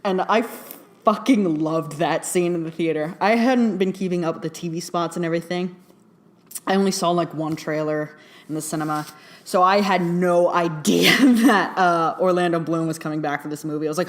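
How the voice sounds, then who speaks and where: A woman with a fairly low voice talks through a film review in a chatty, excitable way. She laughs often and scatters fillers through her talk. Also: moderate pace. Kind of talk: casual spoken film review.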